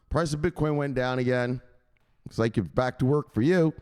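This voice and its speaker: A man hosting a crypto news livestream, chatting with viewers in a loud, profane, excitable way. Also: medium pitch, moderate pace. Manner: profane, excitable, shouting "bang!" often.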